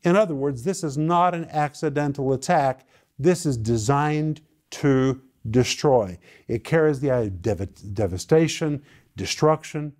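A male preacher teaching a sermon, emphatic and repetitive, with sudden swings in loudness and pitch. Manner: emphatic, repeating phrases with sudden dynamic swings.

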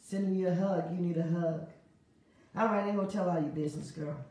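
A woman delivering a prophetic word on a prayer broadcast, animated and laughing often, repeating phrases in a rhythmic preaching cadence. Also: lowish voice, quick pace, heavy reverb, far from the mic. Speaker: prophetic minister.

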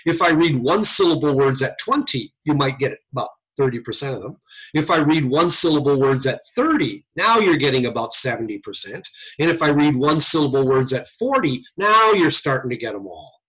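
Folksy male lecturer, animated pitch, husky tone, lo-fi call audio. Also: brisk. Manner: lively, folksy teaching with slang. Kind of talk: recorded online lecture. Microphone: computer mic on a video call.

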